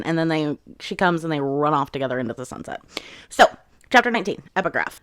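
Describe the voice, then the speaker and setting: A woman's voice: low voice, lively intonation, quick pace, a bit bright, no room sound, studio quality. A woman hosting a book channel, casually recapping chapters and retelling scenes in quoted voices.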